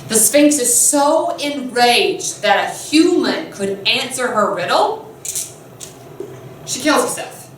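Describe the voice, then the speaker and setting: Animated woman telling a story in an echoey classroom. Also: a little high, slow, a little hiss or hum. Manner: animated, chatty, laughs often. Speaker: teacher. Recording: echoey room, mic far off.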